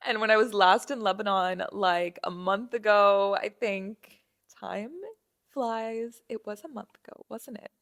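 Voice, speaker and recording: Speaking at a measured pace in a medium-pitched voice, a young woman hosts a podcast and tells a casual story. She's animated, performs the dialogue of the people in it, and uses many fillers and restarts.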